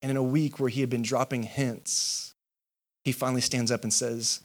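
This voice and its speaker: A man's voice: mid-range voice, flat delivery, normal speed. A male pastor giving a sermon, with impassioned, repetitive rhetorical preaching.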